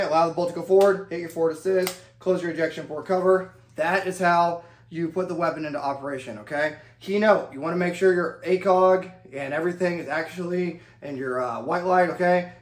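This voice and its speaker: A man with a high voice gives a firearms lesson, calling out each step in a drill-like rhythm and tagging "okay?" after the steps. The sound rings with a lot of echo around him. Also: slight background noise. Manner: drill-like, repeats "okay?" and key phrases. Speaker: firearms instructor. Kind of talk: instructional demonstration.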